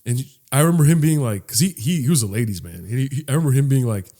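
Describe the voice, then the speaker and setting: A man's voice: medium pitch, lively intonation, fast, mellow. A young man co-hosting a podcast, telling a rambling story in casual chat and acting out quotes. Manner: rambling, acts out quotes in voices. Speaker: podcast co-host.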